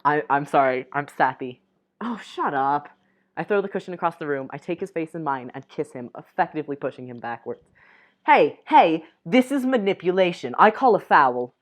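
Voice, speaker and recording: A young woman with a fairly low voice reads a dating game's lines aloud for viewers. She reads softly and keeps breaking off into giggly, excited asides. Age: young adult. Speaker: gamer reading a dating sim aloud. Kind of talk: reading game text aloud with reactions.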